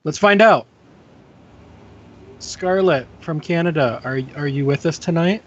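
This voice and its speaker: A man hosting a casual gaming podcast in a teasing, playful way, stumbling over his words now and then. His voice sits a bit high for a man. The sound is dull and lo-fi, like a livestream mic. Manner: playful, teasing, halting restarts. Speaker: podcast host.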